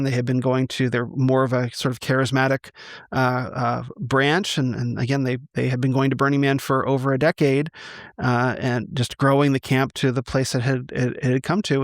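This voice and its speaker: A man from the United States tells his personal story to an interviewer over a call. He halts and restarts often and fills pauses with ums. His voice sits in a middle pitch and sounds dry and close. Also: no echo. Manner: halting, many restarts and fillers. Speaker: interview guest. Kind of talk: conversational testimony.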